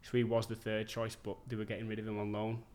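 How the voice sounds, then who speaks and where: A man's voice: on the low side, monotone, quick pace, darkish tone. A man, telling stories as a podcast guest in a laid-back, sweary way. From England. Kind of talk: casual chat.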